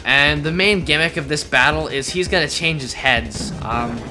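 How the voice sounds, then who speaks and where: A man's voice: a little high, normal speed. Rambling young man over game music. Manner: rambling, filler-heavy, joking. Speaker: let's play commentator. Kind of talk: casual gameplay commentary.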